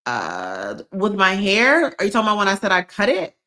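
A lifestyle YouTuber from Georgia in the US hosts a live stream, chatting casually and reading out viewer comments in a bubbly, slangy way. Her mid-range voice swoops wildly in pitch, sounding pushed and bright at a moderate pace.

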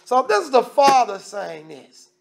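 A man's voice: very high voice, big pitch swings, measured pace, vocal fry, a little hiss or hum. A man preaching a sermon as minister, emphatic and conversational, often restarting his sentences. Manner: preaching with emphatic, shifting loudness.

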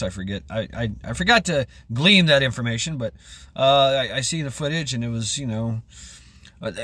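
A man's voice: on the high side, bright, forceful tone, dry recording. A man vlogging in a casual, rambling monologue, chuckling often and restarting his sentences with many fillers.

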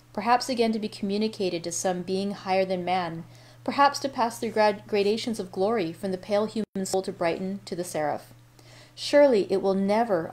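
A woman reading a novel aloud, voicing a gentle, pious schoolgirl in a measured, earnest way. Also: mid-range voice, lightly acted.

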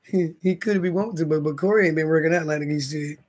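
A man's voice: a little high, a little mellow, slight background noise. A man hosting a casual livestream from his bed, rambling and swearing as he talks to viewers in the chat. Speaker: livestream host. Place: indoors, in bed.

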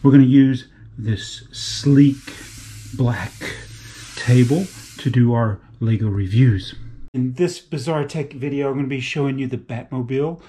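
A man putting on a smooth, slow, showy voice as a parody toy reviewer. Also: medium pitch, mellow, a little hiss or hum, voice pushed down, lightly acted. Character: mock-suave adult male toy reviewer, smooth.

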